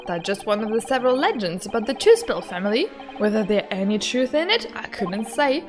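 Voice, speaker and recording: A sultry French museum owner with a husky, seductive French accent, as a woman streamer puts her on. She sits noticeably lower than the performer's everyday voice and lingers breathily over grim game text. The tone is soft and teasing. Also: very animated, brisk, over music. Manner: low, breathy seductive delivery.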